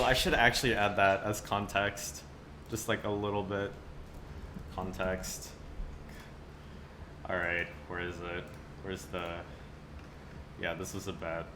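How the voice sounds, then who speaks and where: Man streaming, deep voice, unhurried, groggy morning voice, flustered and self-mocking. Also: slight background noise. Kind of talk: live stream chat and reading aloud.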